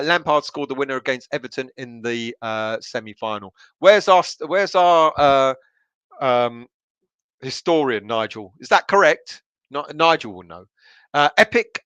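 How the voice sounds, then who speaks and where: A man's voice: on the high side, sharp tone, smooth, no room sound. A man from England hosting a casual live stream, reading out viewers' comments and answering each one in a chatty way, with lots of fillers and restarts. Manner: chatty, laughs often, many fillers and restarts. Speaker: podcast host reading live chat comments.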